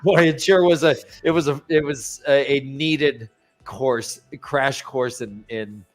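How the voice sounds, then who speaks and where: A man on a podcast panel telling a story in an animated, jokey way, stumbling and repeating himself. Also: mid-range voice, unhurried, faint music behind. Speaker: podcast co-host. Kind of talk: casual panel chat.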